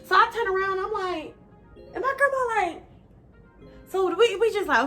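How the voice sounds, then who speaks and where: A young woman casually telling a personal story on her vlog, slangy, animated and now and then profane. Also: very high voice, moderate pace, soft background music. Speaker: vlogger.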